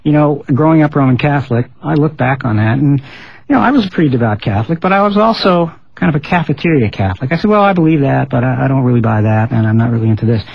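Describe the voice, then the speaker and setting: A man hosting a faith discussion, measured and reading quotes aloud. His voice is a little husky, and the recording is dry and slightly muffled. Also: mid-range voice, lively intonation, dry recording. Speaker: host. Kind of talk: interview-style discussion, reading quotations.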